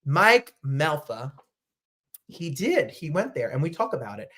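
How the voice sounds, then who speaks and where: A man from New Jersey hosting a talk show, chatting casually with gushing, animated asides. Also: on the high side, measured pace. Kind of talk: casual livestream chat.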